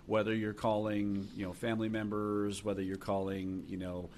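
A man hosting a podcast who explains sales approaches in a measured way. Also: fairly low pitch, monotone, a little mellow. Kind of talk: conversational podcast talk. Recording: faint background noise.

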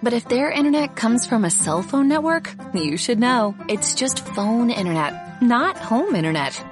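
A woman's voice: a little high, big pitch swings, normal speed. A woman reading a scripted, upbeat and persuasive advertisement. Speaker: ad announcer. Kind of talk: scripted radio ad read. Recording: ad read over clear music.

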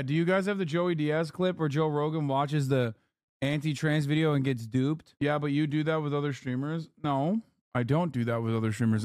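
A man's voice: fairly high pitch, no room sound, studio quality. A male streamer chatting casually as he reacts to clips, sarcastic, profane and mocking. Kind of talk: casual chat.

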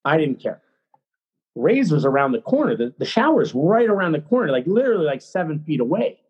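A middle-aged man, a former hockey player, telling a story as a podcast guest in a blunt, excitable, profane way. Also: fairly high pitch, a little fast, husky, highs cut off. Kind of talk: casual storytelling.

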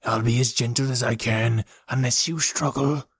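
A man doing a calm, possessed old man. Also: mid-range voice, moderate pace, husky, no echo, studio quality, lightly acted. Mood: menacing. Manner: calm, predatory.

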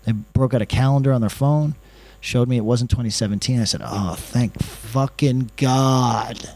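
A man's voice: mid-range voice, quick pace, warm tone, no echo. A man rambling through a comedic story, profane and self-mocking, with an ordinary mid-range voice. His delivery is loose and conversational, with restarts and asides. The sound is close and dry, with no room around it. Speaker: podcast host.

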